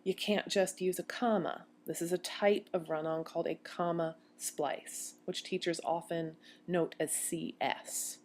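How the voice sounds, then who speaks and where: A woman's voice: lowish voice, steady tone, unhurried, few pauses, a little mellow, a little hiss or hum. A woman giving a recorded grammar lecture as a university instructor, explaining step by step and posing questions to her students.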